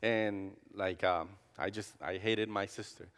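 A campus pastor with a fairly low, steady, fairly bright voice speaks unhurriedly, delivering a conversational personal testimony sermon. He restarts sentences often, uses fillers, and acts out the dialogue in his stories, all with long hall reverb.

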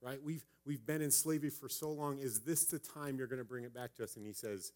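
A man in his thirties giving a conversational sermon as a pastor, often checking in with a quick "right?". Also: mid-range voice, steady tone, darkish tone. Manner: conversational preaching, frequent "right?" asides.

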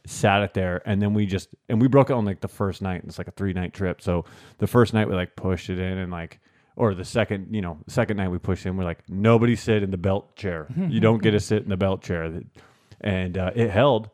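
A man's voice: low voice, brisk, darkish tone. A young man chatting casually on a podcast, recalling a story in a loose, laid-back way with plenty of fillers. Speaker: podcast co-host. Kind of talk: casual chat.

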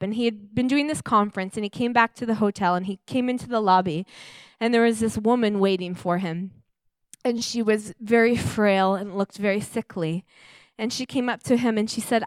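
A young woman preaches with earnest, heartfelt warmth, talking through a story as if to friends. Her voice is smooth and clear. The sound is close and dry, with no room echo. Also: medium pitch, fairly even intonation, moderate pace. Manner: earnest, heartfelt, conversational with many fillers. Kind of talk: sermon with storytelling.

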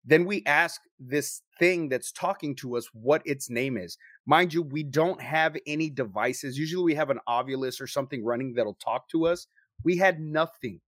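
A young man with a slightly high voice tells a story to friends, swearing constantly and acting out every quote with rising energy. The sound is dry and close, with no room behind him. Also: no room sound. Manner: profane, animated storyteller who acts out quotes. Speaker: paranormal investigator telling a story. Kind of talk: casual storytelling among friends.

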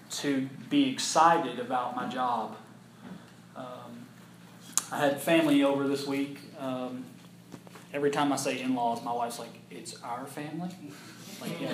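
A man's voice: medium pitch, background noise. A man preaching a sermon as pastor, with a folksy, chatty manner, self-deprecating asides. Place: church sanctuary. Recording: echoey church sanctuary.

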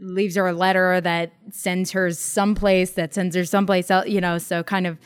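A woman's voice: lowish voice, little pitch movement, normal speed, clean tone. A young woman co-hosting a podcast, chatting casually with a self-deprecating, laughing manner. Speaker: podcast co-host. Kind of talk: casual chat.

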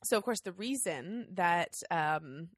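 A woman co-hosting a podcast in casual chat, self-deprecating and quick to laugh. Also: fairly low pitch, expressive, no room sound, clean studio sound. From Canada. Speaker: podcast co-host.

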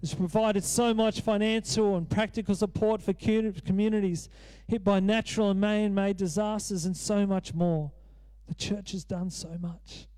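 A man's voice: high-pitched, steady tone, moderate pace, a little mellow, smooth. A man in his thirties preaching a sermon as pastor, earnest and repeating phrases for emphasis.

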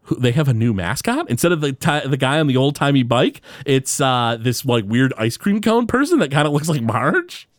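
A man's voice: mid-range voice, normal speed, few pauses, no echo, clean studio sound. A man co-hosting a casual podcast, retelling an episode and acting out the quotes as he goes. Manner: animated storyteller who acts out quotes. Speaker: podcast co-host. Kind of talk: casual episode recap chat.

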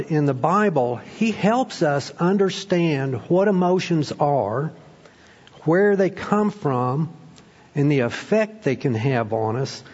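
Pastor preaching in a reverberant hall. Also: male voice, on the high side, husky, dull audio. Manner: prayerful then animated storytelling, frequent fillers. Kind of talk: sermon.

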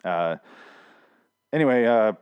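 A young man with a voice going hoarse gives a profane, rambling, exasperated recap of a TV episode. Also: lowish voice, lively intonation, takes it slowly, lo-fi sound. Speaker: show recapper. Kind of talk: casual ranting recap.

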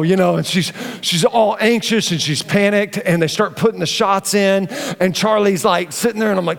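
A middle-aged man preaching a sermon, telling a family story and acting out the dialogue in an animated way. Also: sits high, normal speed, creaky. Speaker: pastor. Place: church auditorium. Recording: long hall reverb.

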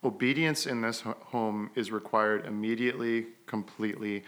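A man co-hosting a conversational podcast, talking in halting bursts with many restarts and frequent throat-clearing. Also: fairly low pitch, fairly even intonation, fairly bright tone. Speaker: podcast co-host and father.

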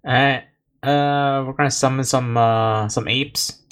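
A man playing a druid in a tabletop game, hesitant and thinking out loud about the rules. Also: medium pitch, steady tone, measured pace. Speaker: player, the druid. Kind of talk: casual tabletop play.

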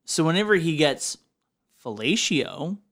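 A man's voice: on the high side, lively intonation, measured pace, fairly bright tone. A man co-hosting a casual comedy podcast, playfully riffing on the jokes. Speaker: podcast co-host.

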